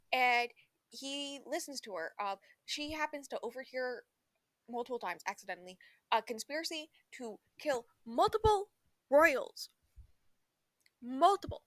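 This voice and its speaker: A woman's voice: high-pitched, fairly bright tone, dry recording. Chatty young woman rambling about books. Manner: rambling, filler-heavy, laughs often, breaks into quick acted quotes. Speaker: book vlogger. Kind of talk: casual book review chat.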